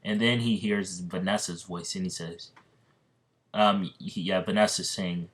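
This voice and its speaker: A man's voice: deep voice, fairly even intonation, unhurried. A man casually narrating a fan story in a rambling way, with many restarts. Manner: rambling, full of fillers and restarts.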